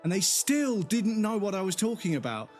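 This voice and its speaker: Man, gaming streamer, swearing rant, slightly high voice, faint music behind. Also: big pitch swings, normal speed. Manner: angry, profane ranting. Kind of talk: casual live-stream rant.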